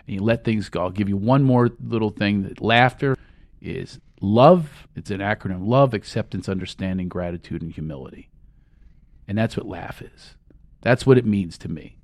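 Low-voiced man guiding a laughter exercise. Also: normal speed, no room sound. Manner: calm guiding, breaks into giggles. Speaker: guest, laughter and life coach. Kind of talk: guided laughter exercise, talk-show chat.

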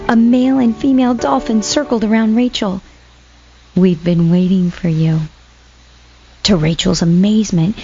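A woman narrating a gentle story in a soft, unhurried, sometimes whispery voice. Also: a little high, muffled recording.

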